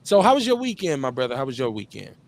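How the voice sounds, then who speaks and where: A man's voice: medium pitch, huge pitch swings, fast talker, creaky. Laid-back slangy Midwestern radio host man. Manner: laid-back, slangy, drawls and repeats phrases. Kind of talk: casual live call-in show chat.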